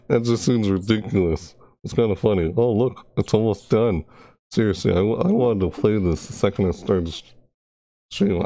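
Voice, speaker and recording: A man's voice: sits low, warm tone, no echo. A young man chatting on a live stream into a close microphone, talkative and rambling, repeating himself as he goes. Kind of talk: casual rambling stream chat. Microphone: close desk microphone.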